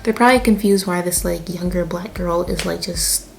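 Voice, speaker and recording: A woman's voice: lowish voice, moderate pace, gravelly, faint music behind. A young woman in her twenties from Canada with a Canadian accent, chatting casually as she tells a storytime in her vlog. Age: 20s. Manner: chatty, lots of fillers and laughs. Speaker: vlogger.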